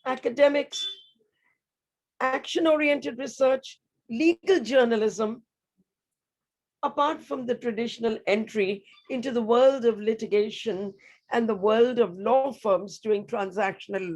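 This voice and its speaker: Senior woman guest speaker, a bit high-pitched, earnest and measured, formal talk on a video call. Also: a little mellow, breathy edge. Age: older. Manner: measured, earnest, rhetorical questions. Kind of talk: formal address to students.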